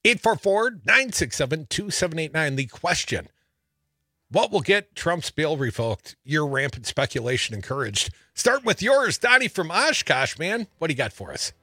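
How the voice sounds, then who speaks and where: A male talk radio host in casual political chat, reading legal text aloud with sarcastic asides and animated outbursts. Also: a little high, moderate pace, no room sound, studio quality.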